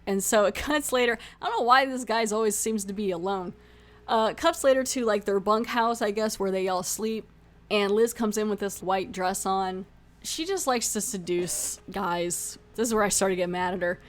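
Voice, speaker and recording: A woman's voice: mid-range voice, normal speed. A young adult woman hosting a podcast, casually retelling a TV episode with lots of likes and you-knows. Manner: chatty, full of filler like and you know, acts out lines. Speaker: podcast host reviewing a TV episode.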